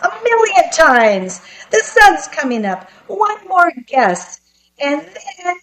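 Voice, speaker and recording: A woman doing shrill gloating little imp Rumpelstiltskin. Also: slow pace, a bit bright, rough recording. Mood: mocking. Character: gleeful spiteful little male imp.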